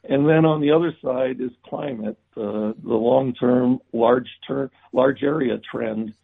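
A man being interviewed about his book, talking haltingly with many restarts and fillers. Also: medium pitch, vocal fry, husky. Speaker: book author guest. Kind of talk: remote interview. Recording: tinny phone-like line.

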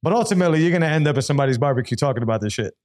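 Rapid, candid male podcaster telling his story, dry close-mic sound. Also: a little high, no room sound. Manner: candid, fast-talking, animated storyteller. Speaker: podcast host and guest. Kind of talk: casual podcast conversation.

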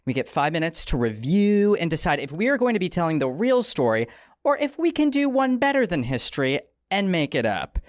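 A woman hosting a comedy podcast in a studio, with a raspy, strained throat, telling a story in a playful, rambling way full of asides. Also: on the low side, sing-song, brisk, dry recording. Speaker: podcast host.

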